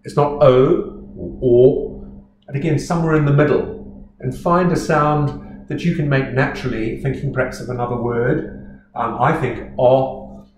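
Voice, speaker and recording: A man's voice: mid-range voice, steady tone, moderate pace. Man, New Zealand accent, choral diction lesson, patient and explanatory, roomy room, faint background hum. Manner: patient, explanatory, demonstrates sounds aloud. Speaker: choral conductor and teacher. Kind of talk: instructional talk on choral diction. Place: at home.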